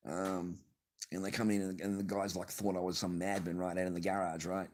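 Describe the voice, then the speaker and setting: This Australian vlogger rants casually and profanely to camera from his home garage, laughing in bursts through a meandering, expletive-laden tale. He speaks in a low, brisk voice that stays level and comes across a little mellow.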